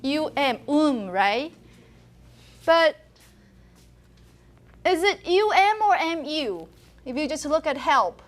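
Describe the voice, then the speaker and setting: High-voiced woman lecturing. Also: slow pace, long pauses. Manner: animated storyteller, laughs often. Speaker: university linguistics lecturer. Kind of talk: university lecture with anecdotes.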